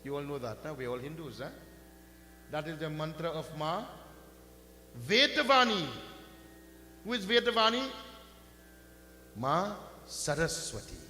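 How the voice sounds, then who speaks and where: Slow, bright-voiced man preaching, lilt. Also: a little high, expressive. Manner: slow, rising and falling emphatic delivery, chanting mantras. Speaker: pundit giving a religious discourse. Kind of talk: sermon storytelling. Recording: echoey hall with faint hum.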